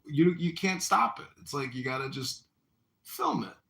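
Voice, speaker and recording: A man hosting a casual livestream chat, telling rambling stories and loudly acting out what people said. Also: on the high side, big pitch swings, normal speed, creaky, heavy background noise. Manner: rambling storyteller, acts out quotes loudly. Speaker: livestream host. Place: apartment. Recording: echoey room.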